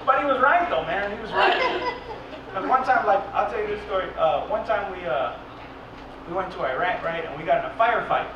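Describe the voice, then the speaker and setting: A man performing a stand-up routine, telling a story with profanity and yelling the lines of the people he quotes. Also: high voice, animated, brisk, far from the mic, crowd noise. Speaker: stand-up comedian. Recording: echoey live club recording from afar, dull. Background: loud audience and noise.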